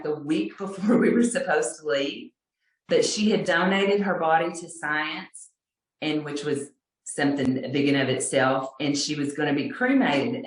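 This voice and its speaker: A middle-aged woman from Texas telling a personal story on a video call, unhurried and halting, with fillers and soft laughs. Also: low-pitched, far from the mic. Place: home room on a video call. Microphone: video call mic, set back. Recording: roomy echo, voice off-mic.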